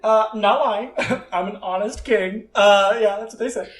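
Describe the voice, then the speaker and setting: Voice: medium pitch, measured pace, reverberant, natural voice. A game master voicing a friendly, oversharing male king in a tabletop game, rambling and laughing often. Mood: bubbly.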